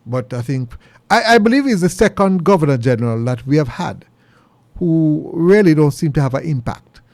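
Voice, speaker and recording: A middle-aged Jamaican man hosting a commentary show, talking earnestly and preachily, his pitch jumping high when he presses a point. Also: expressive, normal speed, a little mellow, no room sound. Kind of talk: opinion monologue.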